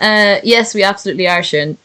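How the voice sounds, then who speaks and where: A woman's voice: medium pitch, animated, unhurried, a bit bright, low-quality recording. A woman streamer chatting casually and reading aloud, sweary and self-mocking.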